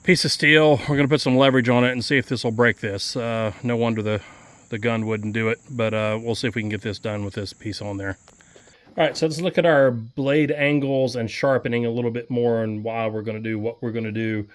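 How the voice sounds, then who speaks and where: A man's voice: medium pitch, fairly even intonation, a little fast. A man giving a casual, rambling how-to walkthrough outdoors beside his tractor, with lots of fillers. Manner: folksy, rambling, many fillers. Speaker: equipment vlogger.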